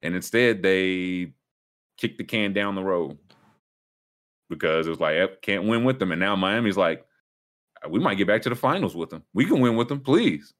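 A man with a low-sitting voice hosts a casual sports talk podcast at a moderate pace. He talks loosely and with plenty of animation, often dropping into mock voices and impressions.

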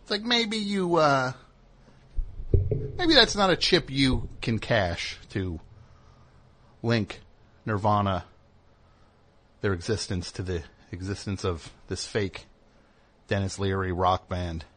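Low-voiced man rambling through a comedy monologue. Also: expressive, slow, long pauses, fairly bright tone. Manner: meandering, many fillers, mock voices for bits. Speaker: radio show host.

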